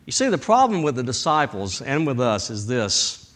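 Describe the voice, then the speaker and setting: A male pastor preaching a sermon dramatically, swinging between loud bursts and hushed tones. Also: medium pitch, sing-song, moderate pace.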